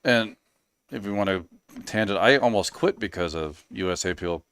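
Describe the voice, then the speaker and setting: Very deep-voiced man, smooth and rambling. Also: lively intonation, normal speed, a bit bright, no echo, studio quality. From United States. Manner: easygoing, rambling, frequent ums and trailing asides. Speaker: podcast guest, powerlifter. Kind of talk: casual interview talk.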